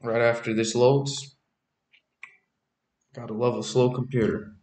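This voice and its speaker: A man's voice: mid-range voice, flat delivery, measured pace, a little mellow, roomy sound. A man giving casual preaching commentary on his channel, chatty, often repeating himself and asking "right?" and "okay?". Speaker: religious YouTuber.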